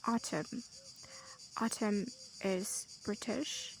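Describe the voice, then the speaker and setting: A woman teaching English vocabulary, slowly listing word pairs one after another. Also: mid-range voice, fairly even intonation, creaky, low-quality recording. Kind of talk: vocabulary lesson.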